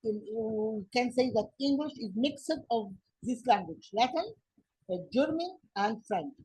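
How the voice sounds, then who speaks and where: Husky Egyptian woman teaching English. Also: a little high, lively intonation, a little mellow, rough recording. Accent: Egyptian Arabic. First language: Arabic. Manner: halting, many fillers and restarts. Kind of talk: classroom grammar lesson.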